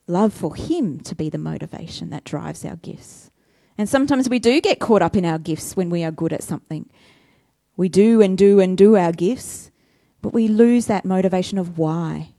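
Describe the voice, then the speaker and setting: A woman's voice: on the low side, warm tone, no room sound, studio quality. A woman preaching a conversational sermon, asking rhetorical questions and admitting her own faults.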